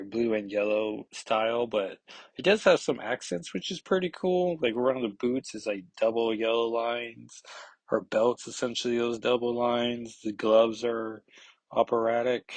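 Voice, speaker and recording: A man's voice: fairly low pitch, slightly rough, no room sound, poor audio. A man hosting a podcast, casually recapping a comic book issue in a rambling, filler-heavy way and briefly acting out characters' lines. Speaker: podcast host.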